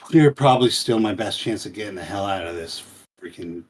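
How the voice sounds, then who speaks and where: A man's voice: on the low side, expressive, brisk, slightly rough. A man voicing a cornered, scheming doppelganger who grumbles in exasperation during a tabletop game. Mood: exasperated.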